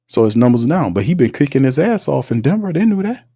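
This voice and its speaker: A man hosting a casual sports commentary livestream, slangy and animated, greeting viewers in the chat. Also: medium pitch, quick pace, breathy edge, dry recording, studio quality. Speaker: host.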